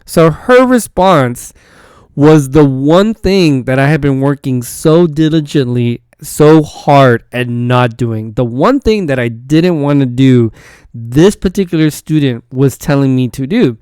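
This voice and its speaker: A man's voice: mid-range voice, animated, unhurried, darkish tone, clear, resonant tone, dry recording, studio quality. A man who is a teacher and podcast host, telling a story in a rambling, casual way with many false starts and repeated words.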